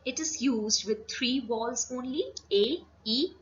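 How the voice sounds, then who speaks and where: A woman teaches a French class in a slow, deliberate way, repeating each phrase for her students. Her voice is fairly high and moves through a wide, lively melody. The recording sounds dull and lo-fi. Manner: slow, careful, repeats words. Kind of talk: classroom lesson.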